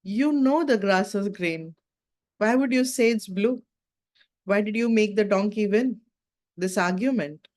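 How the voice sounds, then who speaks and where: A woman's voice: medium pitch, unhurried, darkish tone, natural voice. A woman voicing a proud lion king who is exasperated and can't believe what he hears. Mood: indignant. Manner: exasperated, incredulous.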